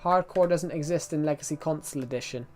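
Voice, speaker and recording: Fast and darkish in tone, with a voice on the high side, a man rambles casually while streaming gameplay. He often restarts his sentences and fields viewers' chat questions as he plays.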